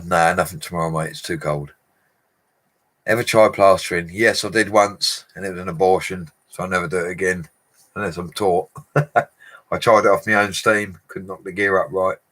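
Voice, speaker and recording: A man with a low, deep voice chats with his livestream viewers in an easy, matey way. He speaks, reads comments aloud and laughs often. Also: fairly bright tone. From England. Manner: chatty, laughs often, talks to viewers as mates. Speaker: bricklayer livestreamer. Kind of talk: casual livestream chat reading comments.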